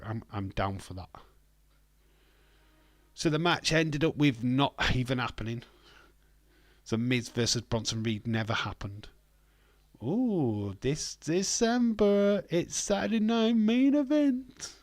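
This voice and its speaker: A man's voice: lowish voice, no echo. A British man hosting a live watch-along, giving casual, blunt commentary and swearing freely. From Britain.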